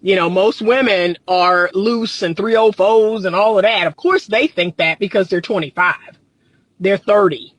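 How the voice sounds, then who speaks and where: While behind the wheel, this man, who works as a relationship coach and counselor, chats passionately with viewers on a livestream and gets worked up. He speaks at a measured pace in a high, fairly bright voice, with no echo.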